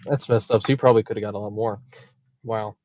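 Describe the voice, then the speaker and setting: Male host, lowish voice, encouraging, dull lo-fi call audio, dry sound. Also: fairly even intonation, quick pace, darkish tone, no room sound. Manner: encouraging, reacts with short exclamations. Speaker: podcast host. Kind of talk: casual interview over a video call. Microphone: video call.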